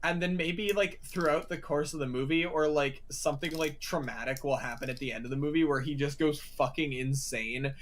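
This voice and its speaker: Young man, rambling casual chat, swears a lot, slightly raised pitch. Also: fairly even intonation, a little fast, hardly any pauses, slight background noise. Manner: rambling, swears freely, does silly voices. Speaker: podcast co-host.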